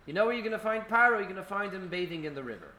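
A man's voice: high-pitched, expressive, rapid-fire, bright, forceful tone, a little hiss or hum. A man teaching an informal Torah class at an indoor gathering, speaking in a conversational way full of fillers and restarts.

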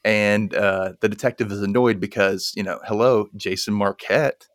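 A man's voice: on the low side, moderate pace, dry recording, clean studio sound. A man casually recapping a film plot and acting out the characters' lines in a chatty way. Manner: animated, acts out the characters' lines. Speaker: podcast co-host.

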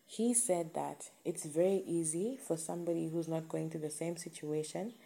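A woman's voice: low-pitched, fairly even intonation, normal speed, vocal fry, dark tone. A woman giving an earnest, emphatic motivational talk to camera, repeating her key points.

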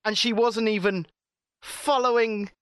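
A British man telling a story in casual, animated chat, swearing often. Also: sits high, measured pace, smooth, dry recording, clean studio sound. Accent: British English.

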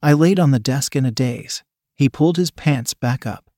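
A man's voice: mid-range voice, moderate pace, warm tone, dry recording, studio quality. A man steadily reading a first-person erotic story aloud. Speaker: narrator.

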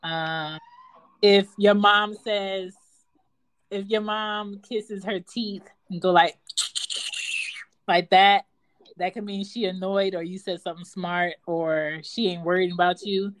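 A woman co-hosting a casual chat, talking in an animated, slangy way and quoting phrases. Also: mid-range voice, no echo. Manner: animated, slangy, jumps in with quick quotes. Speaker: podcast co-host.

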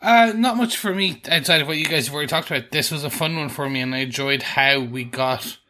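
A man co-hosting a podcast, giving a relaxed, chatty TV episode review. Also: a little high, a little fast. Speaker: podcast co-host. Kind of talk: casual chat.

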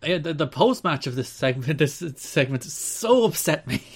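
A man co-hosting a podcast in casual chat, animated and given to playful mock outrage. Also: fairly high pitch, normal speed, breathy edge. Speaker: podcast co-host.

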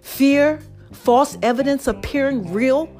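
Speaking slowly in a high, darkish voice, a woman tells a story on her own podcast while faint music plays behind her. She's chatty, talks directly to her audience, and often says "baby" and "okay."

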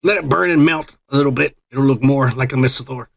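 A man's voice: mid-range voice, fast, creaky. A man co-hosting a podcast, swearing, laughing and riffing loosely on the news while drinking. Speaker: podcast co-host. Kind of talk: crude casual chat.

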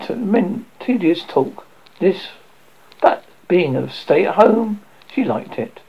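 An amateur storybook reader who stumbles and restarts. The voice is lively in pitch and rough with gravel and breath. The recording is dull and lo-fi. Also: slight background noise. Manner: halting, with slips and restarts. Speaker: audiobook reader.

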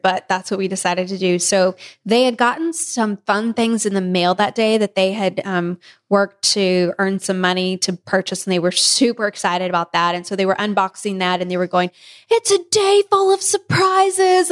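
A pregnant woman co-hosting a podcast, telling a story in a casual, animated way with frequent laughs. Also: mid-range voice, smooth. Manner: animated, laughing often, acting out family members' lines. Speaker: podcast co-host.

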